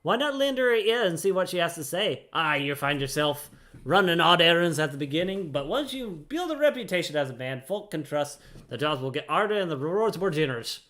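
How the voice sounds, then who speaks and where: A chatty male tavern keeper with a put-on twang, read aloud by a gamer. He rambles along in a folksy, hearty way, a touch loud, and stumbles over a word here and there. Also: mid-range voice, big pitch swings, fairly quick. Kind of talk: reading game dialogue aloud.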